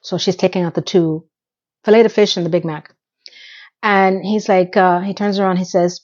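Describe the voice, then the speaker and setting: A woman's voice: on the low side, fairly even intonation, normal speed, darkish tone, lo-fi sound. A woman hosting a casual episode recap, chatty and emotional, holding back tears as she retells scenes at home. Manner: chatty, with fillers and self-interruptions. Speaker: recap podcast host.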